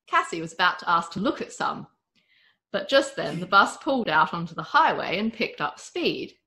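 A woman narrating a storybook tale aloud with a lively, expressive reading. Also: on the low side, normal speed.

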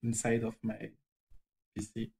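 A native French speaker with a French accent, chatting casually in halting English while drawing on a stream, often stopping to search for words. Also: mid-range voice, monotone, creaky, warm tone.

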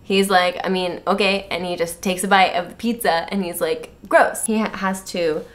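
A woman co-hosting a casual book club podcast, recapping a chapter in a playful, jokey way with quick voices for the characters. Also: lowish voice, fairly even intonation. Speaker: podcast co-host.

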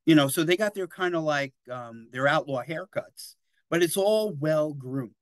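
A man's voice: fairly high pitch, animated, moderate pace, dry recording. A man in his sixties giving a casual, rambling history talk at a library, often checking in with his listeners. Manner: chatty and digressive, often tags "right?" and "you know".

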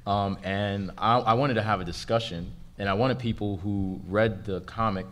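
A man's voice: on the low side, normal speed, slight background noise. Laid-back man telling stories on a panel. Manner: laid-back, laughs often, grows animated telling a story. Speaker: comics artist on a convention panel. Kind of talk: casual panel conversation, storytelling.

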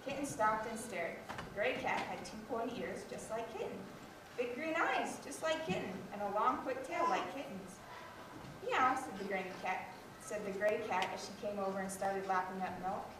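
A woman reading a children's story aloud with lively expression at a school program. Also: mid-range voice, moderate pace. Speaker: student reader. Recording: echoey hall from far off, noisy.

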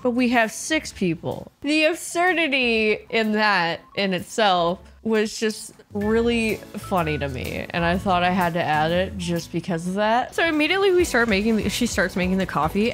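A young adult woman hosting a casual reaction video, animated and joking, with lots of filler words. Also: medium pitch, moderate pace, hardly any pauses, faint music behind.

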